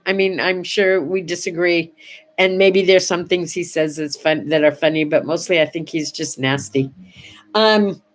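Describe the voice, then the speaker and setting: Older female host, unhurried chatty delivery, soft on personal memories. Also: lowish voice. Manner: chatty, warm-hearted, goes quiet and soft on sad memories. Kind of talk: casual morning chat to camera.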